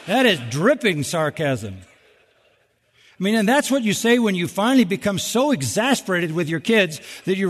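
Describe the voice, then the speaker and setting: A man preaching a sermon in a large church hall, with a somewhat high voice. He talks animatedly, jumping up in pitch to act out voices and landing lines with sarcasm. The sound carries a long hall reverb. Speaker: pastor.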